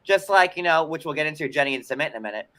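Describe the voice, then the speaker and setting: Bright-voiced chatty male show host. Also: a little high, very fast, slight background noise. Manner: animated, heavy filler words, acts out quotes loudly. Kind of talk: casual panel chat.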